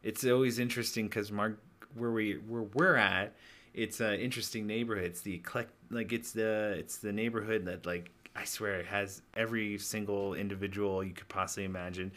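A man's voice: lowish voice, steady tone, brisk, a bit bright. A man co-hosting a casual podcast, telling a story with laughs and restarts. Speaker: podcast co-host.

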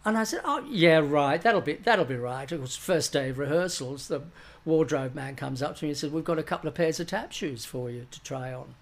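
A man's voice: fairly high pitch, a little fast, vocal fry, hardly any pauses. An older man, a stage actor, tells an anecdote in an interview and acts out the voices of the people he quotes. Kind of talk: anecdotal storytelling.

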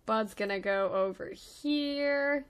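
A woman running the enemies as game master in a tabletop game, upbeat and quick to giggle. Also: a little high, clear, resonant tone.

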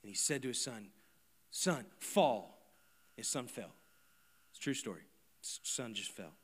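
A man preaching a sermon to a congregation. He moves from quiet, close asides to loud, emphatic repeated lines. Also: lowish voice, animated, fairly quick. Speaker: pastor. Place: church service before a congregation.

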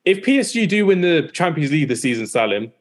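A male podcast host rambles through a casual football chat, talking fast and repeating himself, especially the phrase "as well." His voice is on the high side and sing-song.

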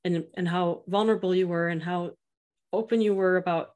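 A middle-aged woman talking earnestly as a podcast guest, telling stories and quoting others in an animated way. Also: lowish voice, a little fast. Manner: earnest, animated storytelling with quoted voices. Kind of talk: casual interview chat.

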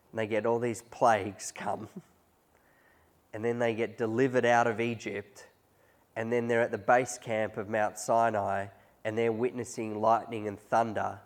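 A man preaching a conversational sermon, often chuckling as he tells stories to his congregation. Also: lowish voice. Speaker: pastor.

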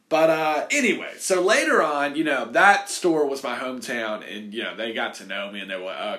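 A man in the middle of a casual personal story, rambling along with plenty of "like" and "you know". His pitch swings widely and keeps the telling lively, sitting around a normal male middle register. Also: moderate pace.

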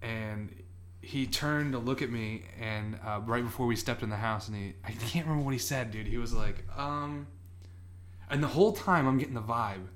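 A man's voice: mid-range voice, normal speed, a bit bright, a little hiss or hum. A man on a podcast casually telling a long, rambling story, often acting out what people said. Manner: rambling anecdotes, acts out quoted voices. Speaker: podcast co-host.

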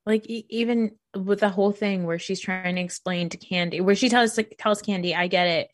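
A chatty woman recapping reality TV with a friend, animated and quick to laugh, with a middle-range voice. The sound is dry and close. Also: medium pitch, dry recording. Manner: chatty, animated, acts out quotes, laughs often. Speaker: podcast co-host. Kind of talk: casual reality TV recap chat.

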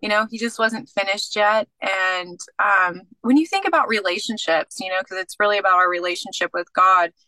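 A woman guest recounts her faith journey in an animated, chatty way, slipping into acted-out dialogue. Her voice is bright and forceful, and the recording is dry with no room sound. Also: medium pitch, no room sound, rough recording. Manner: animated storyteller who acts out dialogue. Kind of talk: casual faith testimony.

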